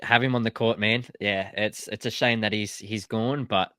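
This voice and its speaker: A man's voice: on the low side, fairly even intonation, normal speed, pushed and bright, clean tone, no echo. A man hosting a podcast, asking his guests questions in an upbeat, friendly way. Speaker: podcast host.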